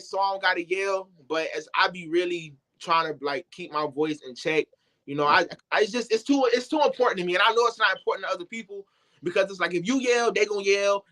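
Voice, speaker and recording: High-voiced young man, slangy and animated. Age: young adult. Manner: loose, animated, slangy storytelling. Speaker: singer, interview guest. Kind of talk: casual interview talk.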